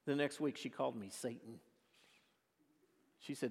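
A male pastor preaching a sermon, telling stories with passion and then praying quietly. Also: mid-range voice, normal speed, gravelly, breathy edge, in a large hall. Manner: impassioned storytelling, closing in quiet prayer. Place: church.

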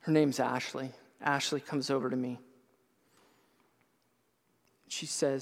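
Slow, earnest male preacher in a reverberant hall. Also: mid-range voice, flat delivery. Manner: earnest storytelling, swelling to loud impassioned outbursts. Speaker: pastor. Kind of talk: personal testimony sermon.

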